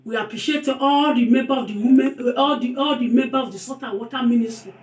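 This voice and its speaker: A woman with a Nigerian accent, warmly pouring out repeated birthday blessings in a casual vlog. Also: fairly high pitch, fast talker. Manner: effusive, repetitive blessings, mixes pidgin with local language. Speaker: food channel vlogger. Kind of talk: casual birthday greeting to camera. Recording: roomy and distant from the mic.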